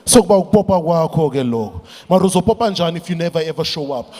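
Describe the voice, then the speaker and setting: A man giving a motivational speech from a stage, energetic and shouting chants for the crowd to repeat. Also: fairly high pitch, racing. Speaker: motivational speaker. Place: large event hall stage. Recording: echoey hall.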